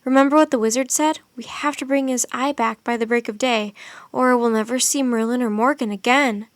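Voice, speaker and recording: A brave young boy, fierce and loud, his voice pitched high, as a woman reads him aloud. He shouts with force in a dry, close storybook recording. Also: steady tone, a little fast, dry recording, close to an everyday voice. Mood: urgent.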